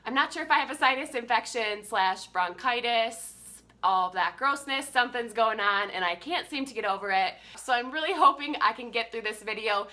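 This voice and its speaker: A woman's voice: fairly high pitch, animated, a little fast, sharp tone. A woman vlogging in a casual, upbeat chat with a congested, stuffy-nosed voice, laughing often as she talks.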